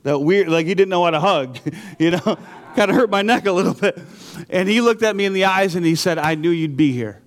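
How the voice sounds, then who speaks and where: A man telling his personal faith testimony with animated storytelling, acting out his own reactions and going low and quiet for serious moments. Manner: asks listeners "you see what I'm saying?". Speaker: speaker sharing a faith testimony.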